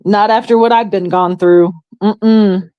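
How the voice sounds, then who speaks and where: A woman's voice: mid-range voice, steady tone, measured pace, clear, resonant tone, highs cut off. A middle-aged woman with a New York accent, talking frankly and swearing in a casual chat.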